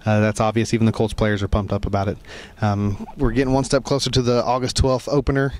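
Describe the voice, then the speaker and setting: A man's voice: on the low side, level tone, fast, darkish tone. A man reporting from an outdoor football training camp, chatting and joking with fans in a teasing, playful way. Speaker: sideline reporter. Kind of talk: casual field interview.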